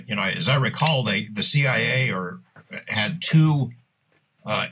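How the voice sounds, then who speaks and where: A man hosting a podcast speaks in a lowish voice with a husky edge. He recalls past conversations unhurriedly, pausing on fillers as he gathers his thoughts. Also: pushed and bright, low-quality recording. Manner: recalls events with hesitant fillers. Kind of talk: casual chat.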